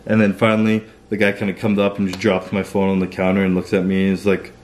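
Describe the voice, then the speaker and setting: A man's voice: deep voice, monotone, fast talker, slight background noise. Casual, profane young man. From Canada. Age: young adult. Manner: loose and profane, heavy use of "like". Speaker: vlogger. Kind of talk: casual storytelling.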